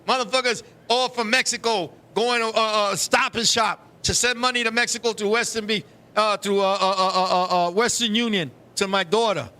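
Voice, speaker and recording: A middle-aged man hosting a live talk show, telling stories in a loud, profane, animated way. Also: high voice, normal speed. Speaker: show host. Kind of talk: live casual chat.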